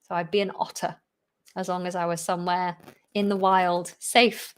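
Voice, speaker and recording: A woman's voice: fairly low pitch, flat delivery, normal speed, clear, resonant tone. Woman, live Q&A host, chatty, laughs often, a bit tired. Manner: chatty, laughs often, reads viewer questions aloud. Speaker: English teacher and channel host.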